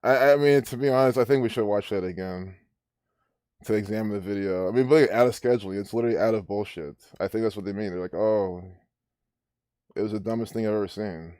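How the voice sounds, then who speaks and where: A man's voice: on the low side, fast talker, darkish tone, dry recording, studio quality. A man hosting a live stream, ranting and rambling with many restarts as he comments. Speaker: livestream host.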